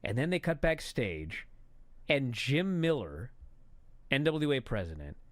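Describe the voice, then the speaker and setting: A man angrily recapping a wrestling show in a profane, exasperated rant that builds to shouting. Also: mid-range voice, big pitch swings, measured pace, no echo.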